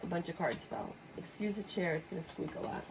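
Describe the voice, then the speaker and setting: A woman doing a casual tarot reading, blunt and joking, acting out how people react in a lively way. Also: fairly low pitch, a little fast, background noise. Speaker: tarot reader. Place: room with a squeaky chair.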